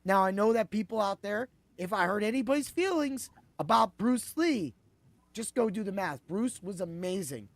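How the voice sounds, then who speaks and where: An excitable man hosting a casual sports podcast, his voice carrying a gravelly edge. He rambles, swears and laughs as he talks, and the sound is close and dry with no room around it. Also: high-pitched, normal speed, no echo. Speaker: podcast host.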